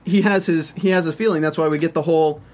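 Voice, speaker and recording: A man hosting a casual recap chat, animated and acting out scenes in playful voices. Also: a little high, quick pace. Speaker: podcast host.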